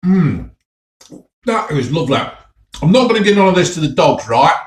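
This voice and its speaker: A chatty English man with a Midlands accent, talking to his viewers in a lively, up-and-down voice that sits a touch high for a man. He sounds enthusiastic as he tastes his food, and the room around him is echoey. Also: moderate pace. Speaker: food vlogger. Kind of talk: casual food tasting vlog.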